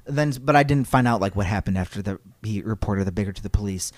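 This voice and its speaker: A man's voice: on the low side, quick pace, dry recording, clean studio sound. Casual male podcast host telling history. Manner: casual, digressive, reads quotes aloud.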